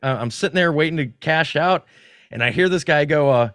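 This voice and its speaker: A man's voice: a little high, a little fast, dry recording. Casual podcast guest, male, swears freely, dry mic. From North Carolina. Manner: animated, profane, restarts often. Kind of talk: casual storytelling.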